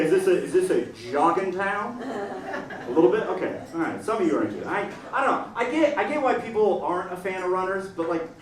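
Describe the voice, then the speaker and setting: Man doing stand-up, lively swooping pitch, slightly high voice, echoey room, crowd laughing. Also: recorded from a distance. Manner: animated, swings into quick put-on voices for jokes. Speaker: stand-up comedian. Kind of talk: stand-up comedy set. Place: small comedy stage in front of a live audience. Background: audience laughing and clapping.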